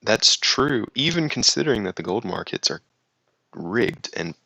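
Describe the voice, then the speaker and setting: Male host with a slight Southern drawl, low and gravelly, reading chat comments and chatting loosely. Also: big pitch swings, unhurried, pushed and bright, no room sound, low-quality recording. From United States. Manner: rambling, reads viewer comments aloud then reacts. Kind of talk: casual chat.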